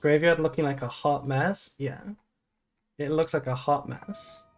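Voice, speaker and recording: A woman's voice: low-pitched, steady tone, unhurried, darkish tone, soft background music. A woman streamer casually thinking aloud through a card game, swearing and groaning melodramatically at her bad luck.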